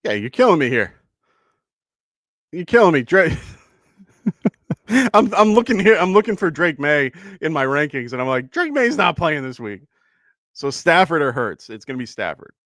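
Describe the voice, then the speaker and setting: A man's voice: on the high side, animated, normal speed, long pauses, a bit bright, no room sound. Man, live-stream host, casual chat, dry close sound. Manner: chatty, laughs often, thanks viewers. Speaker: fantasy football show host.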